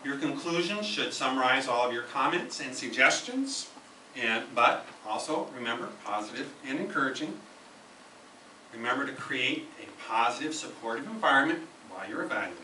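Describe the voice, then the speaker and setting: Man at the lectern, emphatic teacher type, bright voice, taped from the back of an echoey room. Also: mid-range voice, big pitch swings, normal speed, a little hiss or hum. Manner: emphatic, instructive, repeats key phrases. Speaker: speaker at a speaking club meeting. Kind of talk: prepared educational speech. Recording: echoey room, camera from far off.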